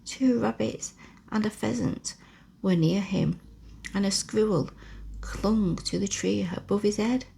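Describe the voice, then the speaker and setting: A woman reading a classic children's story aloud in a slow, soft whisper, a whispered role-play for relaxation, close to the microphone. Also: medium pitch, gravelly, slight background noise. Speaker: ASMR storyteller.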